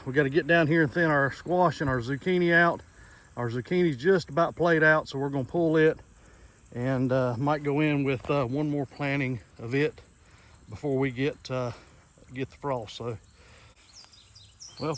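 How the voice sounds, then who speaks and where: A man giving a relaxed, folksy walk-through of his garden, with lots of filler words, recorded outdoors on a camera mic. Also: mid-range voice, moderate pace. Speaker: farm vlogger. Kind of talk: casual walk-through narration. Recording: faint outdoor noise with insects. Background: crickets and insects in the background.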